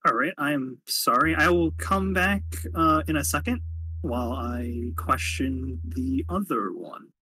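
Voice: mid-range voice, expressive, a little slow, sharp tone, breathy edge, dry recording. A player in a tabletop game, questioning politely in character. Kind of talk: role-playing a tabletop game.

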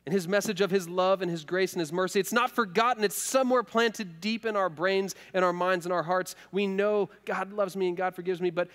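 A man preaching a sermon as pastor, speaking earnestly and emotionally and moving from loud appeals to hushed tones. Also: high-pitched, brisk, hardly any pauses, long reverb tail. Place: church sanctuary.

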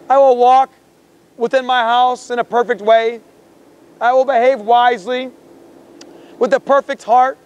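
A man street preaching outdoors on a campus, fervent and confrontational, quoting scripture and repeating his words. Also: extremely high pitch. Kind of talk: confrontational open-air preaching.

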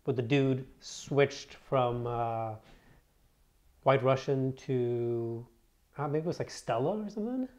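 A man's voice: mid-range voice, slow, a little mellow, lo-fi sound. A man co-hosting a casual cocktail show, chiming in with questions and remarks. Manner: curious, asks questions. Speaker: co-host. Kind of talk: casual chat.

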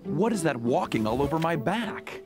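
A lazy, drowsy cat from a children's cartoon. The voice is gravelly with a relaxed drawl and wanders up and down in pitch. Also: loud music behind the voice. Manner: drowsy, unhurried. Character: sleepy laid-back cartoon cat.

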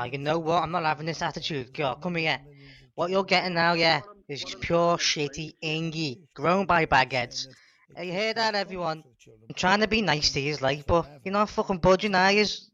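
A man dubbing a bossy, cheeky male weed dealer in a comedy voiceover. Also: fairly high pitch. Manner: bossy, cheeky, shouty bursts. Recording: dull lo-fi dub.

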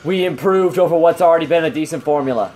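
A young man with a high voice keeps up easy gaming commentary with friends. He banters playfully and breaks into laughs, talking loosely while he plays. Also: quick pace, darkish tone. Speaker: channel host and gamer.

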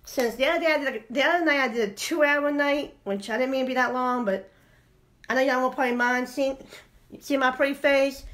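A woman's voice: high voice, steady tone, brisk, fairly bright tone. A woman chatting playfully on a live stream while selling jewelry. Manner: playful, sing-song, chatty and rambling. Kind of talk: casual live-stream chat.

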